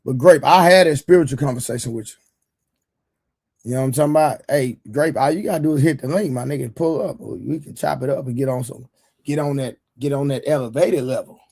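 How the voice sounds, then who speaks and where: A man with a hoarse voice hosting a livestream, chatting loosely with viewers in slangy banter full of repeated fillers. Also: medium pitch, a little fast, a little mellow. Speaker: livestream show host. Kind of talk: casual livestream chat with viewers.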